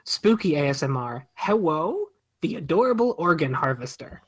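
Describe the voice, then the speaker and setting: A podcast co-host reading out a list in a deadpan, chuckling between the items. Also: mid-range voice, moderate pace, breathy edge. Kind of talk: reading out a list with comic timing.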